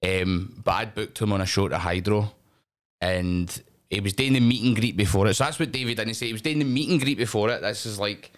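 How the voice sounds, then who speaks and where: A middle-aged man with a Scottish accent telling animated, sweary anecdotes in a casual chat. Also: lowish voice, a little fast. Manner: animated, swears freely, acts out voices in anecdotes. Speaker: wrestling promotion owner, podcast guest.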